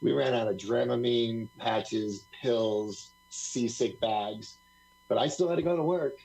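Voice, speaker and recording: Man, guest, casual live-stream storytelling, rambling, quotes others, gravelly, husky. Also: mid-range voice, a little slow, darkish tone, rough recording. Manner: rambling, laughs often, acts out quotes.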